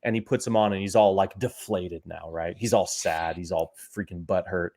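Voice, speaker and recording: Exasperated storytelling man in his forties. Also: deep voice. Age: 40s. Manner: animated, exasperated storyteller, talks fast in bursts. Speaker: podcast co-host; father. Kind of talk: casual storytelling chat.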